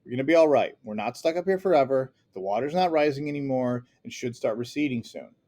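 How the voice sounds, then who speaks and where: A man voicing a father calmly reassuring his frightened family in an audiobook. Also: mid-range voice, fast talker, pitched above the performer's own voice, natural voice. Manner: calm, reassuring. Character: steady father comforting scared family.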